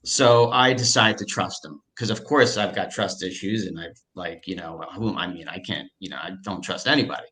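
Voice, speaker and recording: A man recounting an experience in easygoing conversation. His voice sits a little low but has a forceful, bright edge. He tells it with excitement, stumbling over restarts and loose fillers as he goes. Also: moderate pace, hardly any pauses. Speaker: storyteller recounting a personal experience. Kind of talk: casual conversational storytelling.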